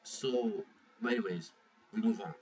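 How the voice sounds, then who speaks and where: Medium in pitch, creaky and darkish, the man's voice is very animated and moves at a normal speed. He rambles through a casual manga chapter review, swearing freely and restarting a lot. The recording is muffled and lo-fi from a distance, with a faint hiss.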